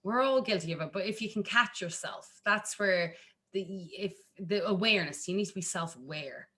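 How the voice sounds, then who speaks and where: An Irish woman from Ireland, a singer-songwriter chatting casually as an interview guest, animated and full of restarts. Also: normal speed. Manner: animated, acts out quotes in a jumpy high voice, lots of restarts.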